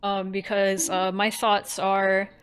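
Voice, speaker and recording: A woman's voice: medium pitch, monotone, slow pace, faint music behind. A woman streamer giving candid, casual commentary on a horror game, thinking aloud and swearing freely.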